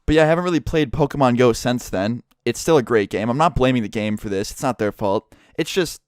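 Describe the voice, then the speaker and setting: Smooth-voiced young man telling a story. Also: medium pitch, brisk, no room sound, studio quality. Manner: animated, profane storytelling. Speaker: YouTuber. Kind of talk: storytime vlog.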